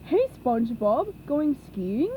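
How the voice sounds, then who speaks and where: A woman voicing a dim-witted, boisterous male starfish in a storybook reading, loud, dopey and drawn-out. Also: high-pitched, sing-song, narrow, tinny audio, a little hiss or hum, exaggerated voice. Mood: dramatic.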